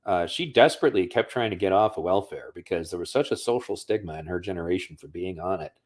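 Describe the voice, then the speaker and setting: A man with a fairly low voice, talking loosely on a livestream. He tells stories in a rambling, conversational way and swears freely. He comes from the United States. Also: fast. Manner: storytelling, profane, conversational. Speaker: streamer. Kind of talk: casual livestream monologue.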